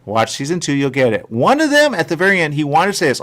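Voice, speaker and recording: A man's voice: a little high, fast talker. A male radio show host chatting casually and rambling, repeating his catchphrases. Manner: repetitive, animated, catchphrase-heavy. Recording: radio studio mic.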